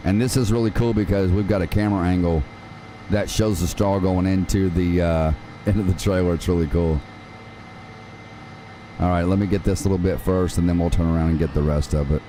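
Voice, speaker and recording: A man's voice: sits low, steady tone, brisk, warm tone, a little hiss or hum. A man hosting a live farming-game stream, talking viewers through the controls in a casual, chatty way and calling them man and dude. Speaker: gaming livestream host. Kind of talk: live game tutorial with chat.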